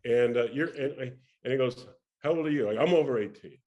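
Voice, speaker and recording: An older man, a guest on an interview, tells a career anecdote with lots of energy, acting out the people he quotes and restarting often. His voice is medium-pitched and a little fast, with a lo-fi sound to the recording.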